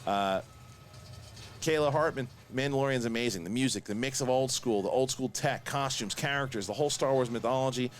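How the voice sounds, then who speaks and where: A man hosting a casual watch-along review, talking excitedly in quick bursts and laughing often. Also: medium pitch. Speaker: host.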